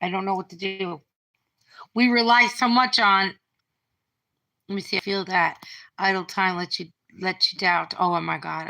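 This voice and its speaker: A woman's voice: mid-range voice, fairly even intonation, a little slow, vocal fry, long pauses, pushed and bright, low-quality recording. A middle-aged woman rambling on a live stream from home, reading out viewer comments as she talks. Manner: rambling, reads out viewer comments, restarts often. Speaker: livestreamer. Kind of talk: casual live-stream chat. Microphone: phone.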